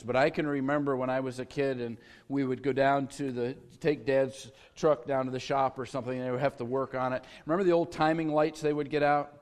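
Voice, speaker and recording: A man's voice: mid-range voice, a little mellow. A middle-aged man preaching a sermon as a pastor, with a conversational, folksy storytelling manner and touches of humor. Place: church sanctuary. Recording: long church reverb.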